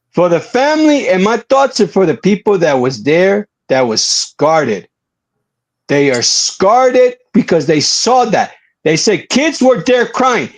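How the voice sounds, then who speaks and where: Earnest high-voiced man giving wrestling commentary. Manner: earnest, drawn-out emphatic delivery. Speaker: wrestling podcast co-host. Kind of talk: casual opinion commentary.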